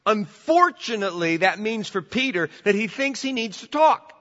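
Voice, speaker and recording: A man preaching a sermon as pastor, animated and emphatic, often repeating words as he builds to his points. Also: sits high, normal speed. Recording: dull sound with long church reverb.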